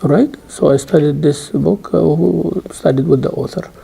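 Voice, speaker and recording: Middle-aged lecturer, dark gravelly voice, emphatic classroom delivery. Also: male voice, a little high. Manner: emphatic, rising sharply when stressing points; recites scripture in rapid chant. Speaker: Islamic studies teacher.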